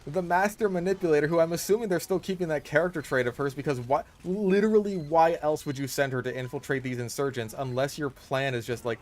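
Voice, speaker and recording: A man's voice: a little high, darkish tone. A man ranting in a voice-over over gameplay. He is exasperated and swears a lot, and often stops and restarts his sentences with "like". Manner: halting, restarts with lots of "like". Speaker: gaming YouTuber.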